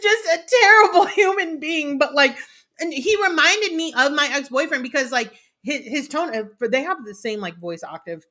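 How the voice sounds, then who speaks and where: A woman in casual podcast chat, her voice high and bright. She talks animatedly, laughs often and swears freely, and her pitch swings widely. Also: animated, normal speed. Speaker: podcast guest.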